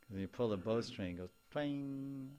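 A man leading an informal group discussion as a spiritual teacher, animated and often laughing, acting out little scenes and sounds. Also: low-pitched, very fast.

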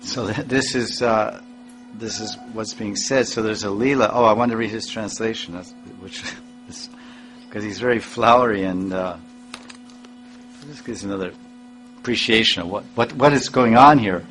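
A man with a lowish voice leads a devotional scripture class. He talks in halting bursts, restarting and repeating words and chuckling often. He lifts his voice when he recites verses, with faint music in the background. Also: fairly bright tone, low-quality recording. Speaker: spiritual teacher.

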